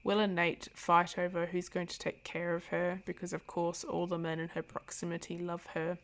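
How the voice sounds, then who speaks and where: A woman talks through a novel in a casual review vlog, blunt and sarcastic, with animated asides. Her voice is low-pitched and gravelly with steady vocal fry. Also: moderate pace. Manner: candid, sarcastic, animated commentary. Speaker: book reviewer.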